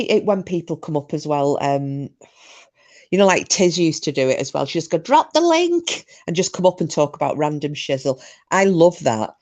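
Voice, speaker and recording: A woman's voice: low-pitched, warm tone. A woman hosting a live stream, chatting casually and rambling, with frequent restarts. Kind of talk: casual chat.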